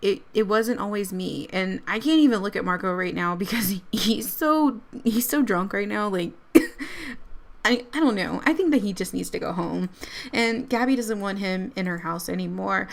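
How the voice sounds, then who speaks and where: A woman's voice: medium pitch, animated, normal speed, gravelly. Chatty young woman narrating gameplay. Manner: chatty, speaks to viewers directly, giggles often. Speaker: let's play creator. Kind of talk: casual game commentary.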